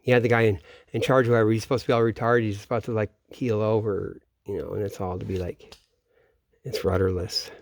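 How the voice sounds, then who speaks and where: Low-voiced man in a rambling, profane monologue. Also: little pitch movement, fairly quick, no room sound, clean studio sound. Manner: profane, meandering, trails off mid-sentence. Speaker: vlogger. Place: home in Florida, at night.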